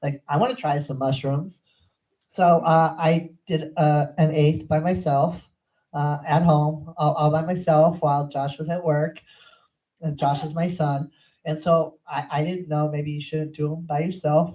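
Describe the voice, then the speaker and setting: A woman's voice: low voice, level tone, a little slow, mellow, low-quality recording. A middle-aged woman performing a crude, profane stand-up routine on a comedy club stage. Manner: crude, profane, brash storytelling.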